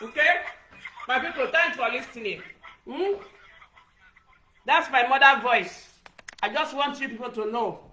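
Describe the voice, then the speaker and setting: A woman's voice: high-pitched, measured pace, pauses often, bright, forceful tone, slight background noise. A middle-aged Nigerian woman vlogger scolding her critics in a repetitive, Pidgin-laced rant. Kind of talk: direct-to-camera rant.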